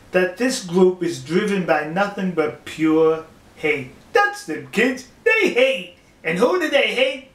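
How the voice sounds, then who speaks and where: An older man hosting an opinion monologue, scornful and mocking, slowing down to stress his points. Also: high voice, a bit bright, reverberant. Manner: scornful, mocking, slow emphatic delivery. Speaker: commentary video host.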